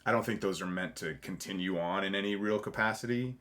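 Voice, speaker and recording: A man's voice: deep voice, fast talker, a bit bright. A man, a podcast guest and actor, talking candidly and rambling, correcting himself, swearing freely and laughing through his stories. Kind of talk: candid conversational interview.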